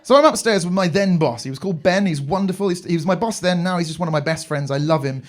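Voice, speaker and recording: A man's voice: high voice, fast. A young English man performing a live stand-up routine on a comedy club stage, telling rambling stories with crude swearing.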